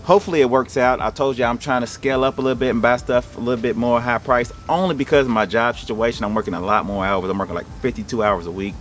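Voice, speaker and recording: A man's voice: medium pitch, fast, few pauses. A young man casually talking through his resale haul in a laid-back, rambling, slangy way. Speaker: online reseller showing his haul.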